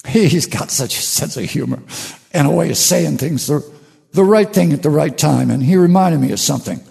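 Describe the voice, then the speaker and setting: Older male host, musing and unhurried, stumbles into restarts; warm, dark tone in a reverberant space. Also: a little high, lively intonation, creaky. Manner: slow, musing, with halting restarts. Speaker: radio show host. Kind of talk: reflective spiritual monologue.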